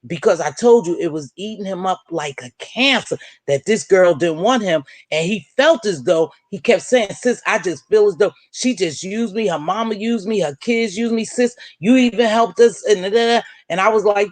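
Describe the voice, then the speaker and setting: An animated woman tells a long personal story to her viewers and voices everyone in it. Her voice sits in a middle range and sounds dry and close to the mic. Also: mid-range voice, normal speed, few pauses, no echo. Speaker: vlog host. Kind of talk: casual storytelling chat.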